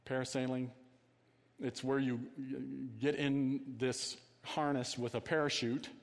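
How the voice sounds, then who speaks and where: A male pastor preaching a sermon in a conversational way, often asking his listeners questions and dropping to a quiet voice for emphasis. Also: mid-range voice, in a large hall.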